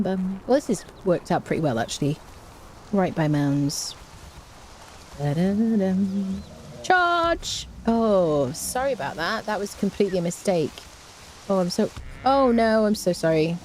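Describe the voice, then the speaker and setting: A woman's voice: lowish voice, warm tone, a little hiss or hum. A woman streaming a game live, chatting casually with her viewers and humming little tunes to herself.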